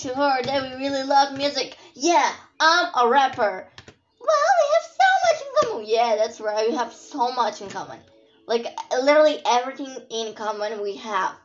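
A woman from Brazil giving casual, sarcastic gameplay commentary and swearing often. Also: sits high. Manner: playful, sarcastic, swears a lot. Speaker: gameplay streamer. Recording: dull lo-fi audio with faint game music.

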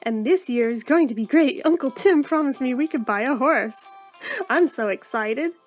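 A bubbly, horse-loving young heroine from a video game, read aloud by a woman. She chirps along in a high voice, eager and upbeat. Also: moderate pace, soft background music.

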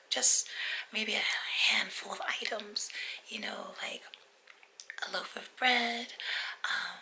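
A woman in her forties vlogging from her home workspace in casual chat, her weak, breathy voice slipping between soft speech and whisper. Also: medium pitch, slight background noise, rough recording.

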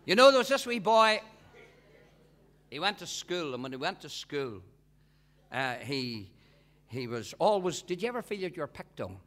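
A man with a Northern Irish accent, a gospel singer telling humorous stories at a concert in a lively, animated way. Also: a little high, normal speed, long pauses.

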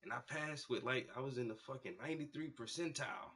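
Husky-voiced man telling a profane story. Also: medium pitch, quick pace. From United States. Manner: profane, animated storytelling with acted-out quotes. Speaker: painter and show host. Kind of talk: casual storytelling monologue.

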